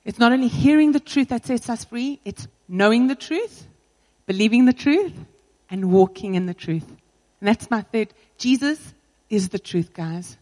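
A woman's voice: a little high, expressive, moderate pace, dark tone, long reverb tail, low-quality recording. A woman pastor preaching a sermon in an earnest, personal way, driving her points home with repetition.

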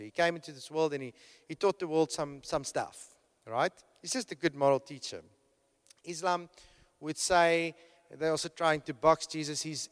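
A man preaching a sermon to a congregation. He talks emphatically, repeats and restarts his phrases, and keeps checking in with his listeners. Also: fairly high pitch. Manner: rhetorical, keeps checking in with "right?". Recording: long hall reverb.

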